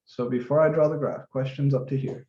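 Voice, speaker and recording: A man's voice: mid-range voice, fairly even intonation, fairly quick, background noise. A male math instructor in a casual office-hour lesson, talking through each step as he works, with an occasional mild swear. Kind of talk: office-hour lesson, thinking aloud while drawing. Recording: roomy, dull lo-fi recording.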